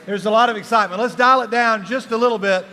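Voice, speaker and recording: A man's voice: high voice, steady tone, fast, sharp tone, in a large hall. A man hosting a live youth group show, playful and chatty, coaxing kids along with encouragement.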